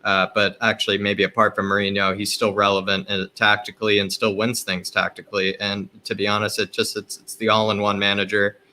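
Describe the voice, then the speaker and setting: A man with a low, flat voice and a bright, tense edge speaks as a guest on a casual fan stream. He plays up his feelings in a melodramatic, self-mocking way. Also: a little fast, few pauses. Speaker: guest panelist. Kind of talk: casual live-stream chat.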